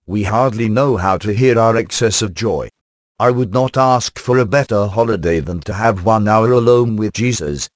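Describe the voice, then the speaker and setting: A man with a low voice delivers a sermon in formal, old-fashioned phrasing. He reads at a measured pace, and the recording is dry and close, with no room sound. His tone stays steady and earnest. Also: no echo. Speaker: preacher. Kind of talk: sermon reading.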